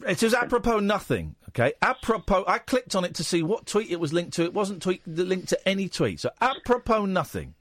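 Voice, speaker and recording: Combative radio host. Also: male voice, high-pitched, very animated, a little fast, few pauses, no echo, clean studio sound. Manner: interrupting, sarcastic, prone to shouting.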